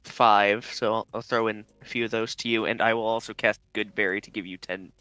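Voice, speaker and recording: A man's voice: on the low side, little pitch movement, a little fast, pushed and bright, clear, resonant tone, no room sound, poor audio. A man playing in a tabletop game who offers help to the others, with a slight stammer when he starts. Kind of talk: casual game chat.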